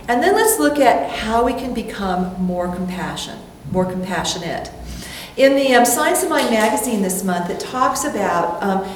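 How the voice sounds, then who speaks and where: A woman's voice: a little high, recorded from a distance, a little hiss or hum. Woman preaching in an echoey hall. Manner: warm storytelling with playful acted-out self-talk and laughter. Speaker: minister. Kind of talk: sermon. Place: church hall.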